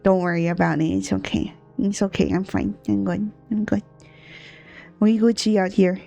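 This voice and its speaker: A woman's voice: mid-range voice, steady tone, moderate pace, vocal fry, dark tone, dull audio, soft background music. A woman from Texas chatting casually on a live art stream, rambling and laughing often, still sniffly and coughing as she recovers from being sick. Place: home streaming setup at a laptop. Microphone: desk mic, not a headset.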